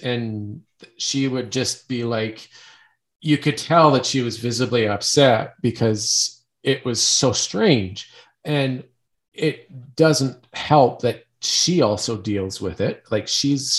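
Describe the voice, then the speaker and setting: Halting man speaking about his trauma. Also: medium pitch. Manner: halting, with many restarts. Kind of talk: personal talk about trauma.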